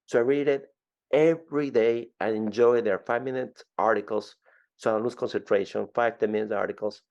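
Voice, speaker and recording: A low, gravelly man in his fifties speaks with an Ecuadorian Spanish accent. He tells his story as an interview guest, animated and quick to repeat himself. The audio sounds dull and lo-fi.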